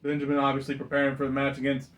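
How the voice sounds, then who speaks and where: A man co-hosting a casual chat, reacting eagerly with quick affirmations. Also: mid-range voice, completely flat delivery, recorded from a distance. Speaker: co-host.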